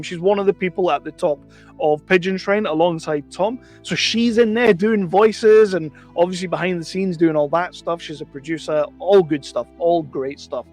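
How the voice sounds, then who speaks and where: A man's voice: high-pitched, darkish tone. A man giving a casual, opinionated film review, chatty and rambling, often correcting himself mid-sentence.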